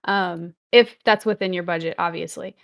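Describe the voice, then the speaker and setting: A woman in her thirties co-hosting a podcast, chatting casually with many "um"s and turning lively when she quotes her family. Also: lowish voice, moderate pace, gravelly. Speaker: podcast co-host. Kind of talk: casual chat.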